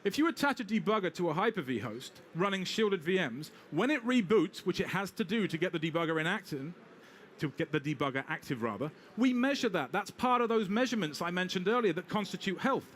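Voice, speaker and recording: A British man giving a live technical talk with a demo, brisk and wry, talking straight to the audience. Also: high-pitched, big pitch swings, a bit bright. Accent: British English. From Britain. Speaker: technical presenter.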